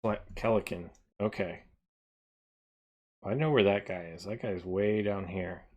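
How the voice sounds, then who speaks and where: A man chatting casually on a live stream, thinking aloud and often trailing off into quieter mumbles as he reads from his screen. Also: lowish voice, fairly even intonation, unhurried, dull audio.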